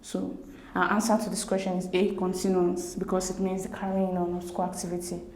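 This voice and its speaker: A woman, working through exam questions as a tutor in a steady, methodical way. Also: fairly low pitch, fairly quick. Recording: echoey room.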